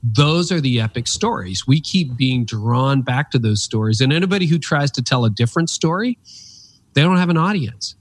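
A man in his fifties speaking as an interview guest, a practiced speaker. He tells stories with emphatic, animated energy, and his pitch leaps high when he stresses a point. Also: moderate pace, slightly rough. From Canada. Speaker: podcast guest, author and speaker. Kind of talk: reflective interview storytelling.

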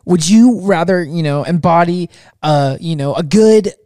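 A young man co-hosting a casual podcast, asking chatty, excitable questions and stumbling over his words. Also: a little high, unhurried, no echo, clean studio sound. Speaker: podcast co-host.

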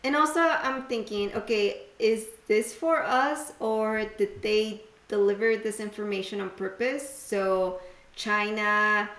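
A woman's voice: medium pitch, steady tone, slow pace, a bit bright. Woman podcast co-host in a roomy space. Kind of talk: casual podcast chat.

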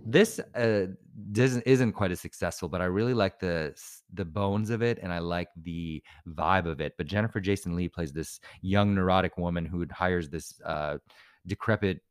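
Low-voiced man rambling through film trivia. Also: moderate pace, smooth, no echo, studio quality. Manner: rambling, full of film trivia, many restarts. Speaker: podcast co-host. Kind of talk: casual chat reviewing films.

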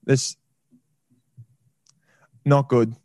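Dude hosting a podcast over zoom, rambly and jokey, dry close sound. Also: male voice, mid-range voice, little pitch movement, extremely slow, dark tone, no room sound. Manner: rambling, joking, trails off and restarts. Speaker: podcast host. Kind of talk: casual chat over video call. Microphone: headphones on a video call.

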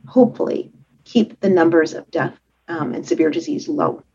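A woman physician speaking as an expert guest on a radio show, explaining at a measured pace with frequent fillers. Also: low voice, dark tone, a little hiss or hum. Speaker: infectious disease physician. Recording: dull, lo-fi remote line.

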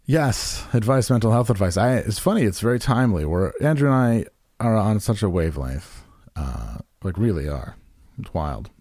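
A man's voice: fairly low pitch, very animated, moderate pace, darkish tone, no echo, clean studio sound. A man co-hosting a casual podcast chat, rambling and self-deprecating, restarting his sentences often. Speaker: podcast co-host.

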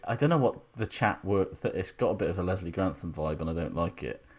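A man's voice: sits low, lively intonation, quick pace. A man co-hosting a podcast, talking in a wry, rambling way and laughing often. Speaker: podcast co-host. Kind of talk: casual banter.

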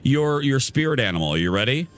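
A man's voice: medium pitch, sing-song, fairly bright tone. A man hosting a morning radio show, bantering playfully with co-hosts and callers. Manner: playful, bantering, quick laughs.

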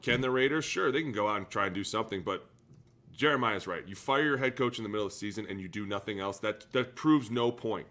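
Bright-voiced animated man on a sports podcast. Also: on the low side, fast. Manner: animated and joking, slipping into mock quotes of players. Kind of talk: casual sports chat.

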